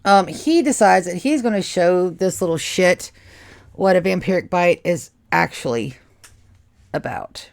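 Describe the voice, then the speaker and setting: A woman running a tabletop horror game as game master, narrating gore in a slow, drawn-out way. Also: lowish voice, animated, gravelly, a little mellow.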